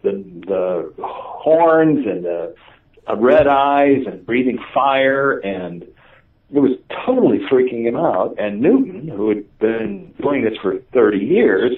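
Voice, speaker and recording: Male guest, lively storyteller, wide pitch swings, distant tinny audio. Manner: animated, laughing, many fillers and restarts. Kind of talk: casual storytelling in conversation.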